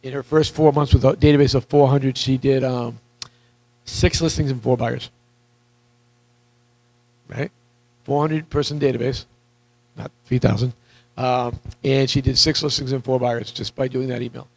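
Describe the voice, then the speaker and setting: A man coaching real estate agents in a live seminar, energetic and repetitive, questioning the audience, with a voice that is wearing out. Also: mid-range voice, normal speed, long pauses, low-quality recording. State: losing his voice.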